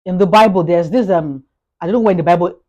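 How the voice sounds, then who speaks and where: A woman with a Nigerian accent giving a motivational talk as a vlogger, talking fast, animated, and often repeating and restarting words. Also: lowish voice, lo-fi sound.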